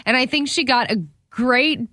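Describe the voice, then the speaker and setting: Woman, mid pitch, bright voice, chatty co-host, dry close studio sound. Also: no room sound. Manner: quick, chatty storyteller. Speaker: radio show co-host. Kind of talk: casual podcast banter.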